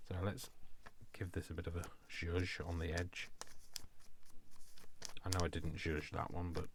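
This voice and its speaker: A man's voice: low-pitched, flat delivery, measured pace, noisy background. A middle-aged man from Coventry, chatting playfully to himself while crafting. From England (Coventry). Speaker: craft vlogger. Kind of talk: casual chat while crafting.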